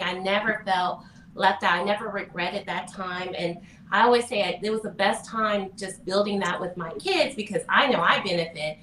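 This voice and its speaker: A woman's voice: mid-range voice, bright, forceful tone, distant mic, slight background noise. Woman heard from across an echoey room. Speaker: guest daughter. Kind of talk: casual panel chat.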